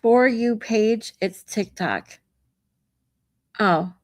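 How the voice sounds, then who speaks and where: A woman's voice: medium pitch, drawn-out words, a little mellow, no room sound. A woman hosting a livestream in casual chat, reading viewer comments and greeting them in a frank, chatty way that is peppered with swearing. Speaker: livestream host.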